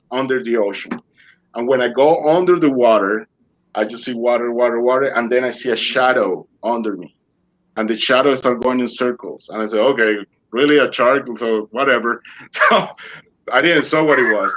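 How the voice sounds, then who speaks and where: A man's voice: mid-range voice, a bit bright, slight background noise. Male guest, dramatic storyteller, broken English, muffled call audio. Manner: vivid storyteller who acts out his own quoted lines; loose non-native English grammar. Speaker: interview guest. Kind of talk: casual storytelling interview.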